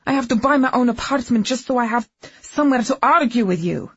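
A woman voicing a furious, sharp-tongued young wife, shouting through tears, on a dull, dry audiobook recording. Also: medium pitch, little pitch movement, a little fast, vocal fry, breathy edge, no room sound. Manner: shouting, indignant, tearful.

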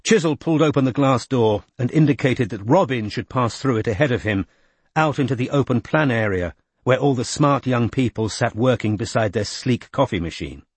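A man reading a novel aloud in even, measured scripted narration. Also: medium pitch, breathy edge, no room sound. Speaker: audiobook narrator.

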